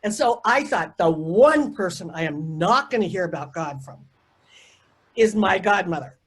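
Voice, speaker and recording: A woman's voice: lowish voice, animated, normal speed, breathy edge. An older woman from the United States, an interview guest, telling a rambling, emotional personal story full of quoted asides.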